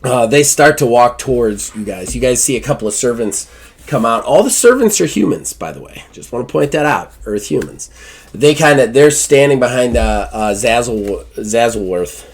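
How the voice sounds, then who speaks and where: A man with a slightly husky voice narrates a tabletop game as game master. His delivery is casual and halting, full of fillers and restarts, at an ordinary pitch. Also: sing-song.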